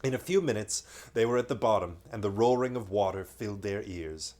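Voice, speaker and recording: A man's voice: lowish voice, expressive, a little fast, a little mellow. Male storyteller for a bedtime reading; reads steadily, drops in light jokes. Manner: reads aloud, breaking off for playful joking asides.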